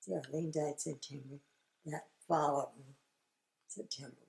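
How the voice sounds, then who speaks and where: An older woman, a grandmother, recalling family memories in an interview, speaking haltingly and often dropping to a hushed whisper. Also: low-pitched, steady tone, vocal fry, echoey room, low-quality recording. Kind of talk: oral history interview.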